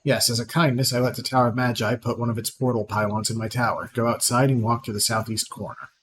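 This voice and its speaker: A man's voice: medium pitch, little pitch movement, fast, a crowd in the background, close to an everyday voice, low-quality recording. A man reading a scornful proud sorceress. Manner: reads aloud plainly with small slips. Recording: clear background noise.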